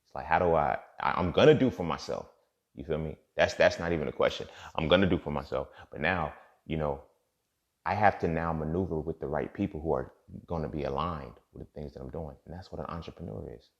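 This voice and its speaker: A man with a very low, gravelly voice talks through a loose, profane motivational monologue, full of street slang and checking in with his listener. The recording sounds dull and lo-fi. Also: a little fast. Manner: profane, streetwise slang, repeats "you feel me". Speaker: podcast host.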